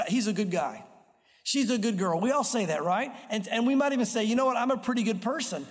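A man preaching a sermon as pastor, emphatic and repeating his key phrases. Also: high voice. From Jewish background, raised on the Torah. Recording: reverberant hall sound.

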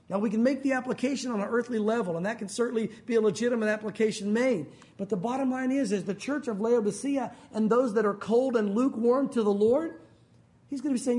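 High-pitched emphatic male preacher. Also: fast, a little mellow. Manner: acts out quoted voices, rising pitch for pleading lines. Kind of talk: sermon.

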